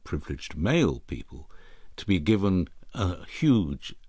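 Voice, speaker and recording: A man interviewing a guest, asking calm and articulate questions and introducing music. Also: sits low, a little slow, slightly rough, no echo.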